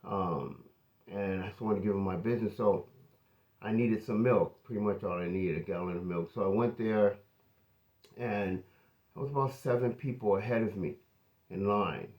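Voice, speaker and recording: A pastor telling a personal testimony in an earnest, conversational way. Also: male voice, fairly low pitch, moderate pace, darkish tone.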